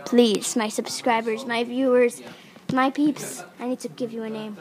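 A young woman talking excitedly in a casual vlog, rambling with lots of fillers and restarts. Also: on the high side, moderate pace, crowd noise. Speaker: YouTuber. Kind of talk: casual screen-recorded vlog.

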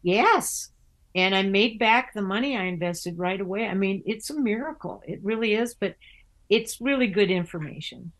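A woman's voice: medium pitch, lively intonation, normal speed, a bit bright. An older woman, a theatre actor and author, chatting in an interview and telling stories with many restarts. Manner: chatty storyteller with many restarts, acting out other voices. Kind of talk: casual interview chat.

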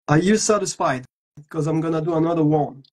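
A man from Algeria chats casually with fans during a live autograph stream. He jokes around and drifts between languages. His voice is a little husky, and he takes his time. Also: a little high, a little mellow, low-quality recording. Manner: playful, joking, switching between languages. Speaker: voice actor at a fan autograph session. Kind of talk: casual livestream chat.

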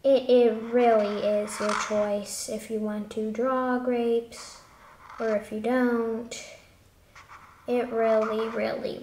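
High-voiced, chatty woman teaching drawing. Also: slow pace, darkish tone, echoey room, a little hiss or hum. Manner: chatty, rambling, playful asides. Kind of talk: casual follow-along drawing lesson.

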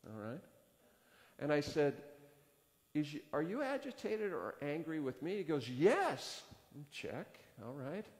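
A man's voice: sing-song, normal speed, long pauses, darkish tone. A male pastor preaching a sermon in a casual, storytelling way, acting out both sides of a conversation. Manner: conversational, acts out dialogue with rising pitch. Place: church sanctuary. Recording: long hall reverb.

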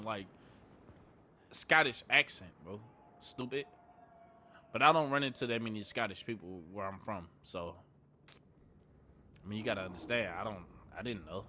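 A man's voice: fairly low pitch, moderate pace, pauses often, bright, forceful tone, slight background noise. A young man giving laid-back, chatty gameplay commentary, swearing often and talking to his viewers. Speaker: gaming streamer.

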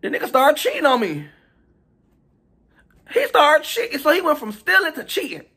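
A man telling a storytime vlog in a chatty, animated, profane gossip manner, talking straight to his viewers. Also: very high voice, normal speed. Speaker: storytime vlogger.

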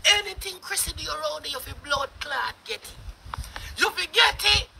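A speaker with a Jamaican accent giving a loud, mocking commentary rant, laughing and shouting often. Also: very high voice, very animated, measured pace, vocal fry, long pauses, over music. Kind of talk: ranting commentary.

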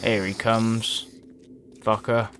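A man's voice: lowish voice, little pitch movement, takes it slowly, heavy background noise. A young man giving let's-play commentary to his viewers, frustrated and swearing often. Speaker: gaming video creator.

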